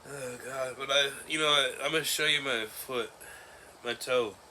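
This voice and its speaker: Guy in his 40s vlogging, really sharp tense voice, halting and shaky, nervous little laughs. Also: medium pitch, fairly even intonation, slight background noise. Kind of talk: personal vlog recounting an ordeal.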